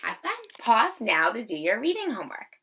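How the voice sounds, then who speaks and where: A woman teacher giving a slow, expressive, encouraging video reading lesson to young children. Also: a little high, distant mic.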